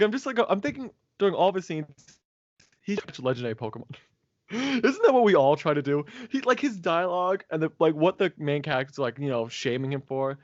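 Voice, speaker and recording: A man's voice: on the high side, no room sound, muffled recording. A man co-hosting a podcast in casual chat, who laughs often and acts out quotes as he talks. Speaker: podcast co-host.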